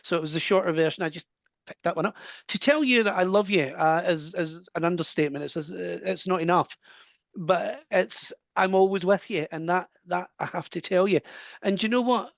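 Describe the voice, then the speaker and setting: A Scottish man working as a medium, giving an earnest live reading over a video call with quick asides and laughs. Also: high voice, gravelly, a bit bright, no room sound. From Scotland.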